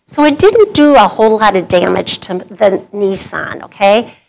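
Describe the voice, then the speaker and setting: A woman's voice: medium pitch, very animated, normal speed, vocal fry, poor audio. A middle-aged woman, speaking to a women's group in a sermon and telling a personal story conversationally, laughing through the anecdotes.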